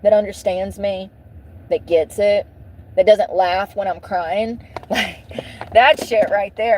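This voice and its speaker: A woman's voice: medium pitch, fairly even intonation, takes it slowly, darkish tone, slight background noise, rough recording. A woman vlogger venting to her viewers in a blunt, profane way, repeating phrases over and over for emphasis. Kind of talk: emotional venting monologue.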